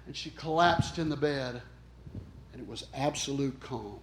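A man's voice: medium pitch, measured pace, slight background noise. A man preaching an emphatic storytelling sermon, speaking earnestly and directly to his congregation. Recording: echoey room.

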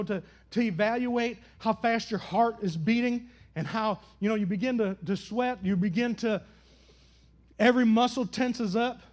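A middle-aged male pastor preaching a sermon, questioning the congregation and swinging between high loud exclamations and low quiet asides.

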